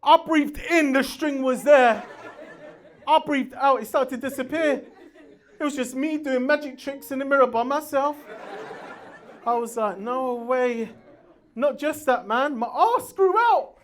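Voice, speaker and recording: Brash, animated stand-up comedian. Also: male voice, extremely high pitch, a little slow, long pauses. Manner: brash, animated storytelling with sound effects and voices. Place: comedy venue with live audience. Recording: crowd audible in the background. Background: audience laughter.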